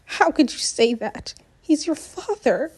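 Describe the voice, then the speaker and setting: A woman's voice: lively intonation, unhurried. A woman reading an audiobook, voicing a distraught middle-aged mother who keeps breaking into tears. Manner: tearful, high and trembling. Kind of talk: audiobook character voice.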